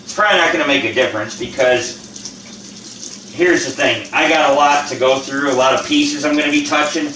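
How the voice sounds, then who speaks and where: A man's voice: a little high, normal speed, sharp tone, distant mic, slight background noise. Blunt rambling older man, echoey room. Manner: blunt, rambling, profane and chatty. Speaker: channel host. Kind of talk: casual how-to vlog chat.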